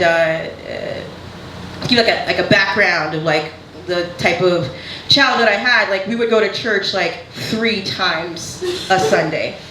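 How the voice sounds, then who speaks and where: A woman performs a stand-up comedy set in a casual, candid style, frequently laughing through her own lines. Her voice is lowish, bright, and forceful, recorded in an echoey room with background noise.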